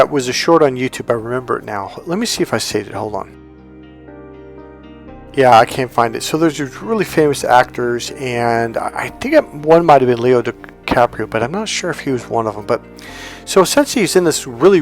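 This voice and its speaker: Male self-help coach, casual to-camera monologue, rambling anecdotes with acted-out quotes, mid pitch, faint music underneath. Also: expressive, a little fast. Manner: rambling storyteller, restarts and acts out quotes.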